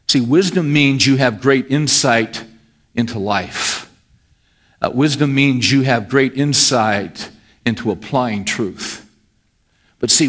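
A man's voice: medium pitch, a bit bright. A middle-aged male pastor preaching a sermon in a conversational way, often asking his listeners questions. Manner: conversational, asks the congregation questions.

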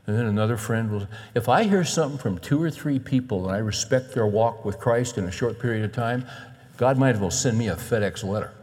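A middle-aged male pastor preaching a sermon in an animated way, acting out the voices he quotes. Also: fairly low pitch, a little fast. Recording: long reverb of a large hall.

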